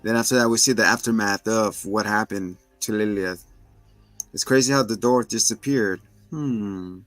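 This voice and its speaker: A man, a parent, casually recapping a TV episode and retelling its scenes with quick asides. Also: fairly even intonation, fairly bright tone, no echo, faint music behind, low-quality recording. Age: adult with children. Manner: retells scenes and acts out the characters' lines in a higher voice. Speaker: show host recapping a TV episode. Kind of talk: casual recap with acted quotes.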